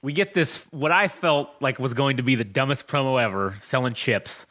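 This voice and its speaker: A man co-hosting a casual podcast chat, telling stories in an animated, profane way. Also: mid-range voice, normal speed. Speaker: podcast co-host.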